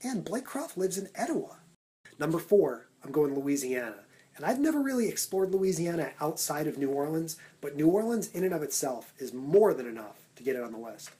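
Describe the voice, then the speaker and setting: A man vlogging for social media, talking in an energetic, punchy countdown style into a phone held at arm's length. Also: fairly high pitch, fairly quick, breathy edge. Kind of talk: upbeat Snapchat vlog talk.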